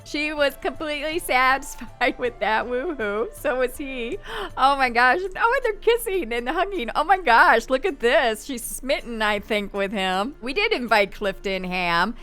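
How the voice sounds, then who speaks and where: A woman talks through a life-sim game in easy, chatty commentary, now and then tossing off her characters' thoughts. Her voice sits a little high and sounds bright and clean, with faint game music underneath. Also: animated, a little slow. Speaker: gaming channel host. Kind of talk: casual gameplay commentary.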